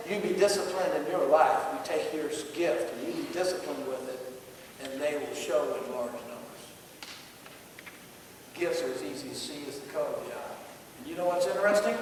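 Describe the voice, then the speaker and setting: A man's voice: high-pitched, a little hiss or hum. A motivational speaker, a man, firing questions at his audience in a punchy call-and-response style and teasing them along. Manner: energetic call-and-response with the crowd. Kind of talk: motivational speech to staff. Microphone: distant from the recording mic. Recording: distant, echoey hall with faint ambience.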